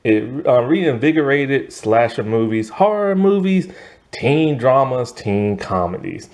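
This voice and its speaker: Animated, rambling male movie reviewer. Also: medium pitch, unhurried. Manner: rambling, animated, lots of fillers and laughs. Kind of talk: casual spoken movie review.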